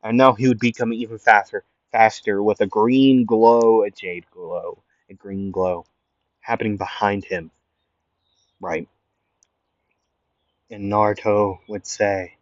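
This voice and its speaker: A man's voice: lowish voice, steady tone, takes it slowly, pauses often, dry recording, highs cut off. Rambling young man telling a fan story. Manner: rambling, self-correcting, lots of fillers. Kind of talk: improvised what-if story narration.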